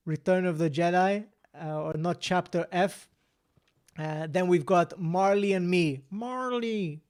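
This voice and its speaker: A man's voice: high-pitched, darkish tone, clear, resonant tone. A man hosting a casual live-stream quiz, chatting, reading out answers and scores, and laughing often. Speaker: quiz host.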